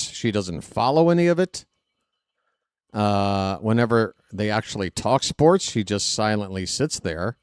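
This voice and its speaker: A man's voice: mid-range voice, darkish tone, no echo, clean studio sound. A man hosting a live stream, talking to the chat in a sarcastic, mocking way. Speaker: host. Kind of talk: live stream commentary over a replayed clip.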